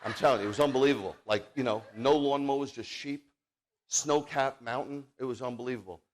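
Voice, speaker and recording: Animated, jokey male rabbi preaching. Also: medium pitch, fairly quick, slight background noise. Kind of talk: sermon with personal storytelling.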